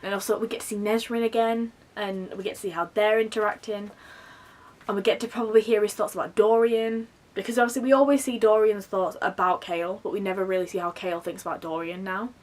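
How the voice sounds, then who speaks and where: A young woman chatting to camera about books she is excited for, in a gushing, excitable way full of fillers. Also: mid-range voice, a little fast, far from the mic. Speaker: book vlogger. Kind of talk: casual chat to camera.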